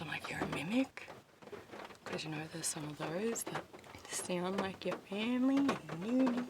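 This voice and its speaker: A woman's voice: medium pitch, very noisy. A woman with an Australian accent, talking in a meandering, casual vlog from a parked car, laughing often and swearing casually. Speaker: vlogger. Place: inside a parked car, back seat.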